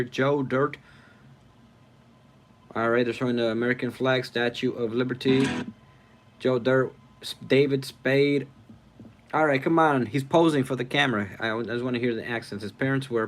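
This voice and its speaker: A man hosting a casual live stream, reading viewer comments aloud, rambling and thinking out loud as he goes. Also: mid-range voice. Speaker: livestream host.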